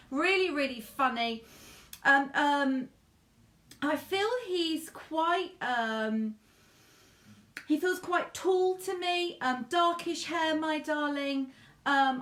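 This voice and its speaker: A high-pitched woman speaks as a medium in a live online reading, gushing and repeating herself, calling people darling and sweetheart. The room echoes noticeably around her voice. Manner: warm, chatty, endearments to viewers; gushing, repetitive phrasing. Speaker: psychic medium.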